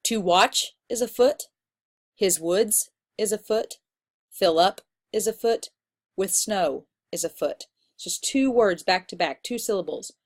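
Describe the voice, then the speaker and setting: A woman's voice: medium pitch, unhurried. A woman teacher giving a recorded lecture, explaining in a casual, chatty way with fillers.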